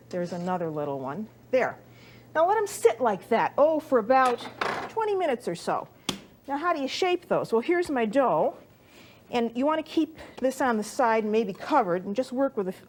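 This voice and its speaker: A woman's voice: fairly high pitch, slight background noise. A middle-aged woman hosting a cooking show, chatting to viewers as she works dough in a studio kitchen. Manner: warm, chatty, talks to the viewer while kneading dough.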